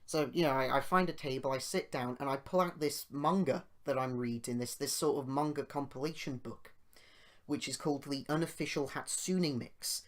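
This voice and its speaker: A man's voice: mid-range voice, normal speed. A British man hosting a podcast, rambling through a personal story with tangents and growing indignant as he retells it. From United Kingdom. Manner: grows loud and indignant while retelling. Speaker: podcast host.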